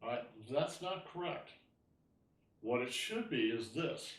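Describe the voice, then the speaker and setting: A man's voice: medium pitch, lively intonation, a little slow, echoey room, distant mic. A man teaching an online tai chi class, explaining moves as he demonstrates and often asking "right?".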